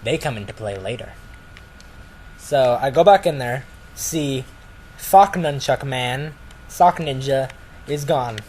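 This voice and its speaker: A man's voice: medium pitch, takes it slowly, pauses often, darkish tone, a little hiss or hum, rough recording. A man casually telling a story to friends, rambling with lots of "like" and restarts.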